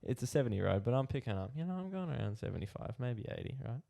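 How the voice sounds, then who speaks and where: An Australian man rattles through a casual story at a quick clip, piling on asides as he goes. His voice sits at an ordinary middle pitch, and he talks like a podcast co-host chatting with his mates. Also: creaky. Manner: animated, rambling anecdote with many asides.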